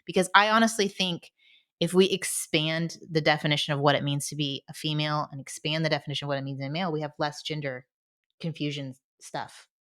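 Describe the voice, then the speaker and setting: Low-voiced chatty woman podcaster. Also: fairly even intonation, fairly bright tone. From Indianapolis. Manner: chatty, laughs often, cuts in with quick asides. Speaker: podcast co-host. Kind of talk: casual chat.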